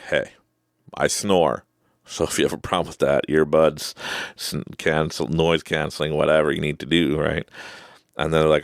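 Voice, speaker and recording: A man's voice: very deep voice, creaky, no room sound, studio quality. A middle-aged man hosting a podcast, telling a personal story in a rambling, casual way with frequent restarts and laughter. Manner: rambling, self-interrupting, laughs often. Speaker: podcast host.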